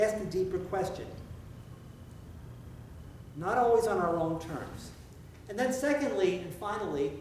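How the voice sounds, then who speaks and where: Pastor preaching in an echoey church. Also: male voice, high-pitched, darkish tone, a little hiss or hum. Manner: conversational preaching, slows for emphasis, asks questions. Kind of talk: sermon. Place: church sanctuary. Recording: echoey church heard from a distance.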